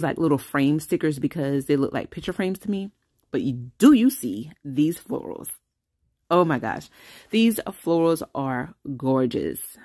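A woman gushes through a casual flip-through vlog, full of little fillers and excited asides. Her voice sits low and mellow, recorded close and dry. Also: no echo. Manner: gushing, enthusiastic, lots of fillers. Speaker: vlog host.

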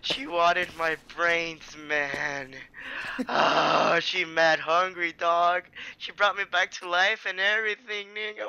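A man playing a horror game, joking around and shouting in mock panic as he commentates. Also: a little high, steady tone, slow pace, creaky, clean tone, muffled recording. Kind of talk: let's play commentary.

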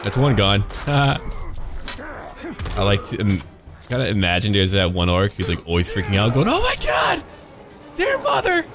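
Deep-voiced man joking through a game. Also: sing-song, measured pace, pauses often. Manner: sarcastic, jokey running commentary. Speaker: gaming YouTuber. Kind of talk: let's play commentary. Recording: voice over loud game music.

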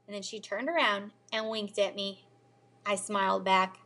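Bright-voiced woman reading a storybook aloud. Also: mid-range voice, normal speed. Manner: expressive storytelling, lively character voices. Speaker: teacher. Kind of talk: reading a children's novel aloud.

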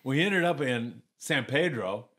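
An older man, once a commercial fisherman and now retired, spins stories during a casual podcast conversation. His mid-range voice is unhurried and slightly rough, and he's an animated teller who performs other people's lines in raised voices.

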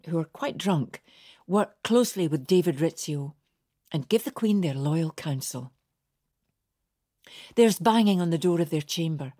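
A woman narrating a historical audiobook in a slow, hushed, measured reading voice. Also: lowish voice, breathy edge, dry recording, clean studio sound. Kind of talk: scripted narration.

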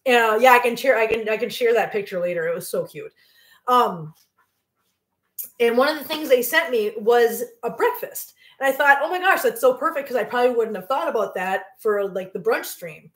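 A woman's voice: fairly high pitch, lively intonation, moderate pace. Chatty woman in an echoey kitchen. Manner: chatty, rambling, laughs often, coos at her cats. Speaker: cooking livestream host. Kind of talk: casual chat while cooking live. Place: home kitchen.

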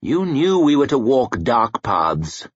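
A man voicing an arrogant, ruthless old male wizard who speaks in a haughty, measured, menacing way. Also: medium pitch, very animated, slightly rough, dry recording, heavily acted. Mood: cold. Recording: dry muffled recording.

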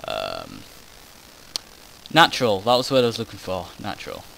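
Over footage of his own gameplay, a gaming commentator rambles at normal speed, drifting off topic, cutting himself off, and swearing offhandedly. His voice sits on the low side, gravelly, bright and forceful, with wildly swooping pitch. The audio is poor, with slight background noise.

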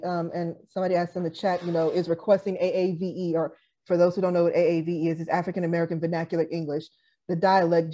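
A woman with a warm, mellow voice moderates a panel over a video call. She speaks briskly and directly and keeps the discussion moving. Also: on the low side.

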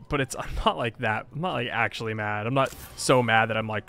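A man at a mid pitch chats his way through a strategy game in casual let's-play commentary. He mocks himself, laughs often and puts on grumbling annoyance, over faint background music. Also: fairly quick, a bit bright. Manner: playful, self-mocking, laughs often, mock-annoyed. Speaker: gaming video creator.

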